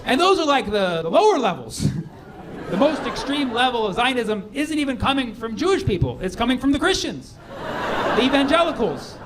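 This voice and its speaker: High-voiced stand-up comic, crowd laughing. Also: male voice, big pitch swings. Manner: playful, ironic, quick asides and acted quotes. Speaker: stand-up comedian. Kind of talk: stand-up routine. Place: comedy club stage with a live audience. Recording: live club recording with crowd laughter.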